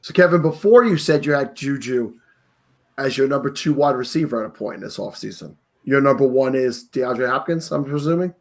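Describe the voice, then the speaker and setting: A man leads a casual sports chat as host. He talks in an opinionated, emphatic way, pressing his points hard. His voice sits at an ordinary pitch. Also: fairly quick, vocal fry. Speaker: podcast host. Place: New York.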